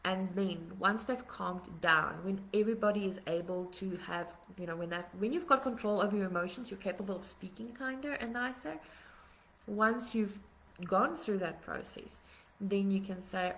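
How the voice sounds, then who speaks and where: A woman's voice: mid-range voice, moderate pace, a bit bright, a little hiss or hum, poor audio. A woman hosting a live parenting workshop, earnestly explaining numbered points in a live-streamed talk. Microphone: webcam or phone on a live stream.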